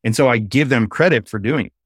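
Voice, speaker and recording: Male podcast guest, eager storyteller, middle pitch, dry sound, video call. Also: quick pace, slightly rough, no room sound. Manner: animated storyteller, eager and explanatory. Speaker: podcast guest, face-reading trainer. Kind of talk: casual interview chat. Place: home office with a bookshelf.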